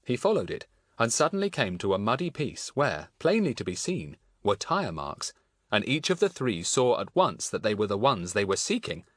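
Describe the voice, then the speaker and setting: A man narrating a children's audiobook in a measured, storytelling manner. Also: lowish voice, no echo, clean studio sound. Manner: measured storytelling with lively intonation. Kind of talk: scripted narration of a children's book.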